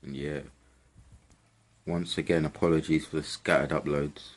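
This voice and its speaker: A man's voice: very deep voice, level tone, normal speed. A young man, ranting casually to camera in a rambling, sweary, exasperated way. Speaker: vlogger.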